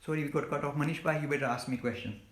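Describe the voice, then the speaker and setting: A man's voice: a little high, very fast, background noise. Emphatic man in an echoey room. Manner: earnest, emphatic, scolding, repeats words when worked up. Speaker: guest speaker on a live stream. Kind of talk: impassioned talk answering questions.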